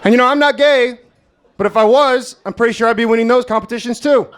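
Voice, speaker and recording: High-voiced young comedian. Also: male voice, fast, clean tone. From United States. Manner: crude, deadpan, self-mocking delivery. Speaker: stand-up comedian. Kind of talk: stand-up comedy set. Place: comedy club stage, Las Vegas.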